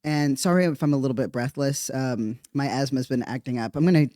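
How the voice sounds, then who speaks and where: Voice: mid-range voice, brisk, dry recording. Podcast host rambling thru a funny bit, keeps laughing, medium voice, dead dry sound. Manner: animated, laughs often, rambling asides. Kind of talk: casual comedic monologue.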